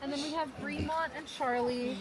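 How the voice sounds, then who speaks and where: A woman's voice: high voice, fairly even intonation, moderate pace. A woman musher introducing her sled dogs in a friendly, matter-of-fact way at an outdoor camp. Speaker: musher, dog handler. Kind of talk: casual guided introduction. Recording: loud outdoor background noise. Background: dogs, outdoor ambience.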